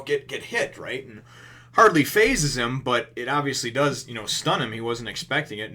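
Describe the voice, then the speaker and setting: With a mid-range voice and a sharp tone, a male video reviewer chats casually through a comic chapter for his channel. His talk meanders, packed with fillers, restarts, and liberal swearing.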